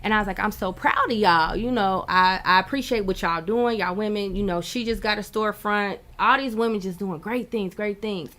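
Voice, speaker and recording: A woman's voice: mid-range voice, moderate pace, hardly any pauses, fairly bright tone. A woman from Ohio talking as a podcast guest in a casual interview, earnest and heartfelt, with many "like"s. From Ohio, United States. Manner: earnest and heartfelt, fills talk with "like".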